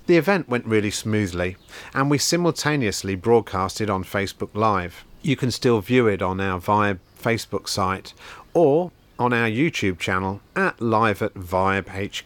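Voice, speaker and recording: A man hosting a podcast from his bookshop, reading out shop news and introducing a guest in a measured way. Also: lowish voice, fairly bright tone. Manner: measured, read-out announcements. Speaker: podcast host, bookshop owner.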